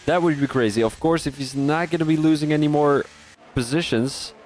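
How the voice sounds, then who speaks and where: Man, sim-race streamer-commentator, excitable, trips over his words, faint hiss behind. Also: fairly high pitch, brisk. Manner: excitable, rising sharply at overtakes, many restarts. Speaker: sim racing league commentator.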